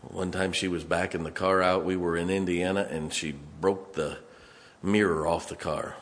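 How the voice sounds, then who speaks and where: A man preaching a sermon in a church, emphatic, swinging from loud to hushed. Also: sits low, steady tone, moderate pace.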